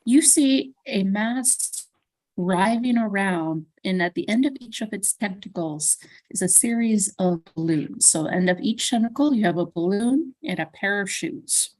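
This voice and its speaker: Slow-paced woman game master. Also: medium pitch, expressive, darkish tone, no echo, rough recording. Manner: slow, deliberate. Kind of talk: narrating a tabletop game.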